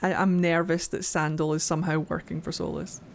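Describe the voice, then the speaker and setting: A woman's voice: low voice, level tone, a little fast. A young woman streaming a game, chatting, theorizing and swearing with glee. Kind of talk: let's play commentary.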